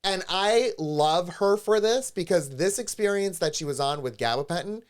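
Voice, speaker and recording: A man's voice: high voice, animated, normal speed, smooth. A man co-hosting a podcast, telling a story animatedly in casual chat and acting out the voices of the people he quotes. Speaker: podcast co-host. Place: studio with a live stream.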